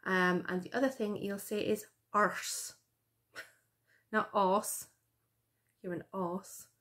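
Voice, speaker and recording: A woman's voice: medium pitch, steady tone, slow, fairly bright tone. A woman, chatting casually to her camera in a rambling way, full of fillers and restarts. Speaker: vlogger. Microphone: camera mic.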